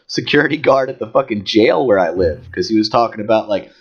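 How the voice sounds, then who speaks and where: A man's voice: fairly low pitch, expressive, fast, few pauses, breathy edge, highs cut off. Heated, profane man telling a story. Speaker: podcast co-host. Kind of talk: casual storytelling chat.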